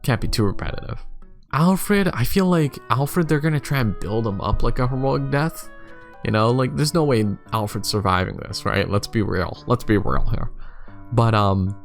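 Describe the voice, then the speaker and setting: A man's voice: medium pitch, moderate pace, vocal fry, soft background music. A man casually thinking aloud while ranking game characters, rambling with lots of fillers. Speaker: YouTuber. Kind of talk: casual commentary for a tier list.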